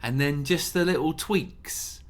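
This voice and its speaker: A man's voice: on the high side, measured pace. A British man co-hosting a reaction video in casual chat, thinking aloud with fillers.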